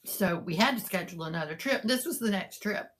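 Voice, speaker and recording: A woman's voice: mid-range voice, lively intonation, brisk, slight background noise. A middle-aged woman, chatting casually and rambling to live viewers, greeting them by name. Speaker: live-sale seller and vlogger.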